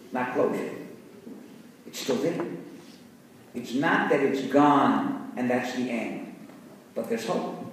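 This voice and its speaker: A man's voice: on the high side, slight background noise. A man, a rabbi, teaching students in an earnest, explanatory way, mixing Hebrew terms into his talk. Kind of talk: Torah lecture with storytelling. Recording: echoey hall, voice from far off.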